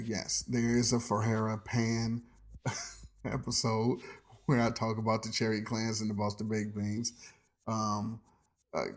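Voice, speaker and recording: A man's voice: mid-range voice, a little mellow. A man in his forties hosting a podcast, talking in a loose, rambling way, with frequent "um"s and laughs. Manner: rambling, laughs often, says "um" a lot. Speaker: podcast host. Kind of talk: casual nostalgic monologue.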